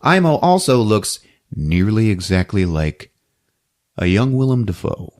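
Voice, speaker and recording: A man hosting a podcast who recaps a movie in a casual, animated storytelling way. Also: on the low side, a little slow. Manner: animated storytelling, acting out scenes. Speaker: podcast host.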